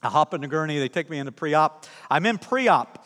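In a church sanctuary, a middle-aged male pastor delivers a sermon built on personal stories, speaking a little fast in a voice that sits high for a man. He is animated and funny, acting out the people in his tales, while a long hall reverb trails each phrase.

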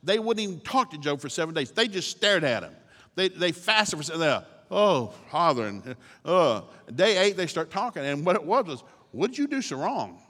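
A man preaching with folksy, joking storytelling, his pitch rising and falling with animation. The sound carries a long church-hall reverb. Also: very animated, fairly quick, fairly bright tone. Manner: folksy, humorous storytelling, chuckling. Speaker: guest preacher. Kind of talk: sermon.

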